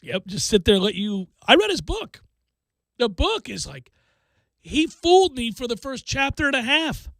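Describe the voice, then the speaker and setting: A man hosting a sports radio show, chatting casually and telling stories with animated energy and frequent laughter. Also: very high-pitched, normal speed, vocal fry, no room sound. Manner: animated storytelling, laughs often.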